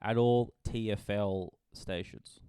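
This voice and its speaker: Swearing, smooth-voiced man. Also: on the low side, fairly even intonation, slow, warm tone, no room sound, studio quality. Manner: swearing, retelling with quoted voices. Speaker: podcast host. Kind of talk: casual chat.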